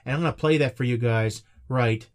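A man's voice: medium pitch, fairly quick, heavy background noise. A man hosting an online paranormal news roundup, joking and talking to his viewers. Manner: joking, playful asides to viewers. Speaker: host of a paranormal news show.

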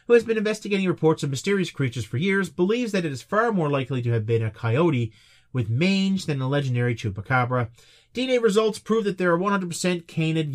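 A man hosting an online paranormal news roundup, joking and talking to his viewers. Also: on the high side. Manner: joking, playful asides to viewers. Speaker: host of a paranormal news show.

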